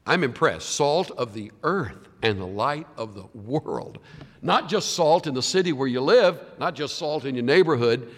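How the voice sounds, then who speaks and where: A man preaching a sermon, swinging from loud, emphatic lines to hushed, quiet ones. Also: mid-range voice, animated, unhurried, big-room sound. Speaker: pastor.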